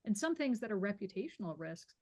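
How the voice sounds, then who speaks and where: A woman speaking as a guest on a webinar panel, measured and explanatory. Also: mid-range voice, big pitch swings, dark tone.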